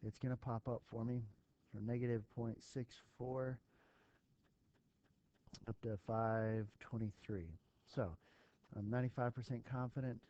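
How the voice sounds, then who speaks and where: Man teacher, warm relaxed tone, lo-fi recording, talks through steps with ums. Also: medium pitch, measured pace, pauses often. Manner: thinking aloud with fillers, talking to students. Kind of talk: recorded math lesson walkthrough.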